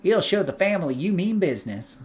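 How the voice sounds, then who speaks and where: A man's voice: high voice, big pitch swings, fairly quick, a little mellow, voice pushed up. A man voicing a shady male underworld informant with a put-on Southern accent, chummy and wheeling-dealing, while reading a game's dialogue aloud. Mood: wheedling.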